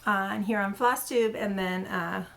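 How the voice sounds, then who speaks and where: Woman host, casual show-and-tell vlog, gravelly fry, rambling and chatty. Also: medium pitch, steady tone, measured pace, fairly bright tone, slight background noise. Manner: chatty, rambling with many fillers and self-corrections. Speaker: cross-stitch channel host.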